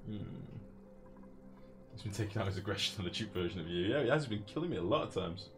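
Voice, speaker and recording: A deep-voiced man chatting through a live game stream, swearing freely and teasing himself and his viewers. His pitch swings widely as he reacts, and music plays behind his talk. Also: expressive, fast. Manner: chatty, profane, teasing, self-mocking. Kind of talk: casual live-stream commentary.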